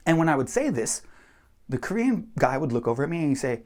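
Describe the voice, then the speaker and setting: Animated man telling a story. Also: mid-range voice, quick pace. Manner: animated, acts out quoted voices, blunt. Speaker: vlogger. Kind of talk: casual storytelling monologue.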